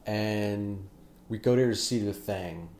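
A man chatting casually about movies as a podcast co-host, telling stories with lively acted-out reactions. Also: lowish voice, slow pace. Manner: animated storyteller, acts out reactions loudly. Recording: roomy echo.

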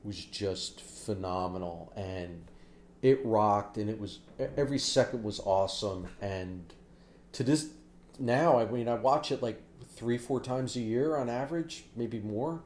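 A man chatting casually about movies as a podcast co-host, telling stories with lively acted-out reactions. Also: fairly low pitch, unhurried, slight background noise. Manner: animated storyteller, acts out reactions loudly. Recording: roomy echo.

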